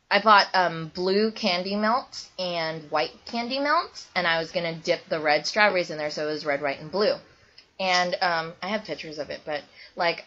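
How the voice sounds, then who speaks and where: A young woman vlogging casually to camera, rambling with lots of ums and likes. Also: lowish voice. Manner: rambling, many ums and likes, bursts into loud squeals when retelling. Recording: dull lo-fi webcam audio.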